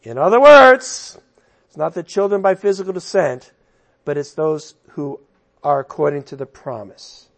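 Male pastor teaching a sermon, high-pitched with a gravelly edge, emphatic and emotional, chatty asides to the room. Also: animated, moderate pace, fairly bright tone. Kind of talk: expository sermon.

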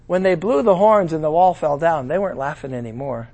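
A middle-aged man delivering a sermon with a fairly high voice. He preaches in an animated way, slipping into the voices of the figures he quotes. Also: a little fast.

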